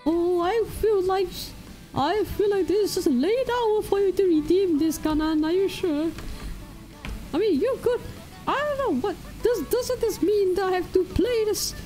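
A woman streaming a game through a pitch-shifting voice changer that makes her sound like a squeaky cartoon mouse, gasping and exclaiming. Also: unhurried, dark tone, soft background music, poor audio. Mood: flustered. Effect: high pitch-shifting voice changer. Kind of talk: live-stream game commentary.

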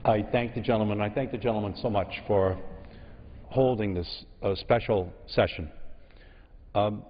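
A Massachusetts congressman in his sixties gives a floor speech in a large legislative chamber, where long reverb trails each phrase. His fairly low, steady voice delivers slow, emphatic oratory broken by frequent pauses. The audio sounds slightly dull and muffled.

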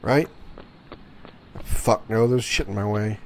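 A man's voice: lowish voice, takes it slowly, slight background noise. A man casually commenting on his gameplay, rambling, correcting himself and swearing freely. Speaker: gaming channel host.

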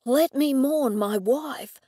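A woman voicing a grieving male businessman, speaking slowly and heavily with aggrieved frustration. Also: sits high, mellow, dry recording, clean studio sound. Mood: grieving, frustrated. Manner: slow, heavy, aggrieved pleading.

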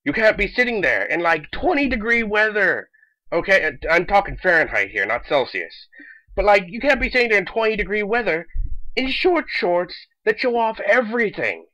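Sarcastic young man ranting, lively voice. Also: high voice, normal speed, no room sound, muffled recording. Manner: sarcastic, exasperated, animated. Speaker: vlogger. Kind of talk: comedic rant.

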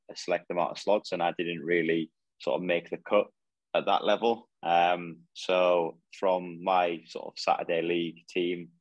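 Very low-voiced young man, modest. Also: no room sound, highs cut off. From Northumberland, England. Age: 20s. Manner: modest, hesitant, lots of "sort of" fillers. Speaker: footballer guest. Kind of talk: casual interview.

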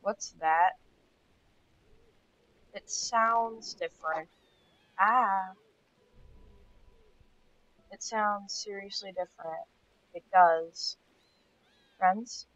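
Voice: medium pitch, fairly even intonation, very slow, long pauses, a bit bright. A gaming host with a stuffy nose, chatting casually through gameplay and getting startled now and then. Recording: dull lo-fi sound.

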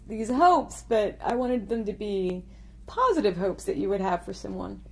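A woman songwriter telling the story behind a song in a chatty, self-mocking way, breaking into laughter as she goes. Her voice sits a little higher than most. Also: darkish tone. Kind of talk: storytelling interview.

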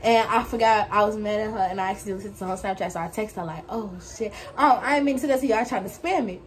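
A woman's voice: mid-range voice, very fast. A young woman, a guest telling her side of the story bluntly, swearing and addressing viewers directly. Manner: blunt, swears freely, talks straight to viewers. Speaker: guest friend. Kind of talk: casual storytelling chat.

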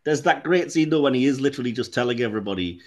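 A man's voice: medium pitch, very fast. A man hosting a podcast, chatting casually about a film and retelling scenes with lots of laughter. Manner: animated, retells scenes in quoted voices, laughs often. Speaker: podcast host. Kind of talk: casual film review chat.

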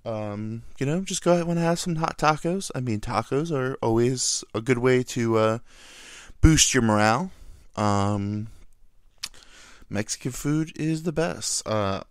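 A man's voice: medium pitch, smooth, no echo, clean studio sound. A young man hosting a casual solo podcast, rambling and self-deprecating as he jokes about his life. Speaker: podcast host.

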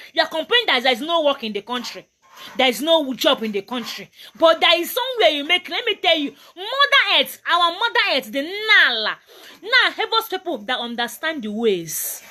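A Nigerian woman lectures her viewers in a motivational talk, preachy and emphatic, repeating herself for weight. Her voice sits high and swings widely in pitch. The tone is bright and forceful. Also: slight background noise. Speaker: motivational vlogger.

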